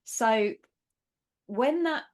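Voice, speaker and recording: A woman from England with a London accent, a podcast guest telling stories in casual, animated chat. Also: on the high side, extremely slow. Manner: animated storyteller, swears freely.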